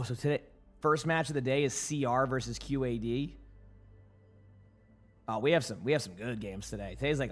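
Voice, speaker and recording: A young man streaming and chatting casually with viewers, slightly hoarse from commentating, rambling along with fillers and restarts. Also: mid-range voice. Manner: relaxed and rambling, answering chat questions with fillers and restarts. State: yawning, sleepy.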